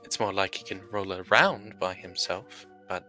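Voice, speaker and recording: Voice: low voice, normal speed, bright, forceful tone, faint music behind. A player in a live-streamed tabletop role-play game, speaking formally in character and narrating in the third person.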